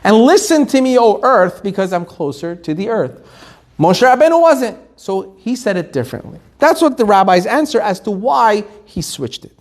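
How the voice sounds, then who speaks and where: A man, a rabbi, teaching a Torah class, telling the story with lively, acted-out quotes. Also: high voice, normal speed. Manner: animated storytelling, acting out quotes.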